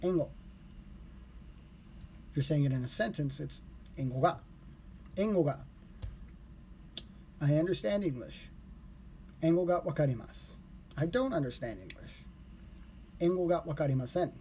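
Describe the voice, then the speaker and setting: Relaxed man reviewing vocab on stream. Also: on the high side, normal speed, pauses often, slight background noise. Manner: relaxed, rambling, corrects himself aloud. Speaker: live streamer learning Japanese.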